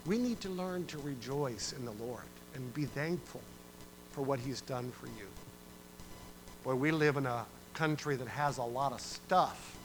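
A man preaching a sermon as pastor, animated and conversational, acting out quoted voices and singing a verse. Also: medium pitch, unhurried, background noise.

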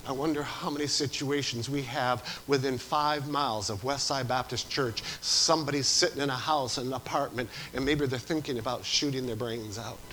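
A man preaching a sermon as pastor, swinging from loud to hushed. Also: mid-range voice, slight background noise, rough recording.

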